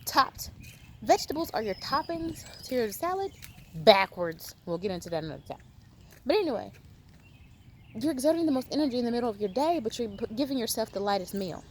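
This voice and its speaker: A woman's voice: a little high, very animated, brisk, a little hiss or hum. A woman talking straight to the camera in an emphatic, scolding way, firing rhetorical questions at her viewers in a vlog. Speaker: video host. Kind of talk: animated lecturing vlog.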